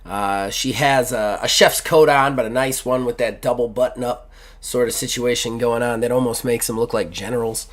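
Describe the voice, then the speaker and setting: A man at a mid pitch talks through his turn in a journaling role-playing game. His descriptions ramble, packed with fillers and restarts. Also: steady tone, normal speed. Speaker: player. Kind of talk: actual play of a journaling tabletop game.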